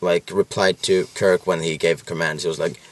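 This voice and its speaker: A man co-hosting a casual podcast, rambling with halting restarts and frequent laughs. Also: deep voice, fairly even intonation. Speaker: podcast co-host. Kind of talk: casual chat.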